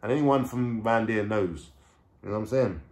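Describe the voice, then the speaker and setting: A man's voice: fairly low pitch, a little fast, a little mellow. London man in his own voice, street slang, swears freely, casual storyteller. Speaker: vlogger.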